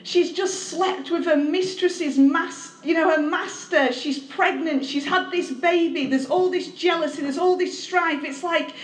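A woman's voice: very high voice, unhurried, few pauses. A woman, a pastor giving a candid, conversational testimony sermon with self-deprecating humor. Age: 30s. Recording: echoey room.

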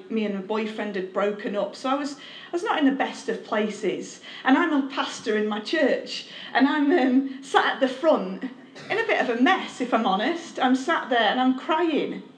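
A woman, a pastor giving a candid, conversational testimony sermon with self-deprecating humor. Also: high voice. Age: 30s. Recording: echoey room.

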